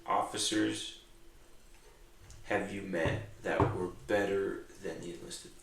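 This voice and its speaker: A man hosting a casual chat, prompting his father with short, quiet questions. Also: low-pitched, fairly even intonation, slow pace, creaky, slight background noise. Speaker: host interviewing his father. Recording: echoey room.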